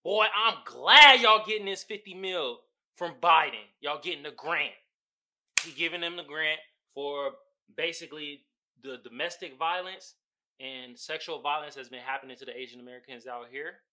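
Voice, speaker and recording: A man's voice: fairly high pitch, moderate pace, background noise. A young man hosting his own podcast, talking casually in a profane, emphatic, slangy way. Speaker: podcast host. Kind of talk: casual solo podcast talk.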